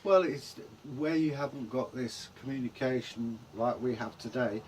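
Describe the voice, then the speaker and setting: A man's voice: mid-range voice, normal speed, a little mellow, slight background noise. An English man co-hosting a vlog in casual chat, rambling and trailing off mid-sentence. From England. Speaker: vlog co-host.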